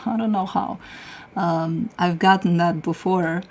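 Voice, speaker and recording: A woman's voice: lowish voice, steady tone, a little slow, darkish tone, low-quality recording. A middle-aged woman hosting a casual tarot livestream, chatting with viewers in a blunt, laid-back way, swearing freely and laughing often. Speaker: tarot reader and livestream host. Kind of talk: casual livestream chat, answering viewer comments.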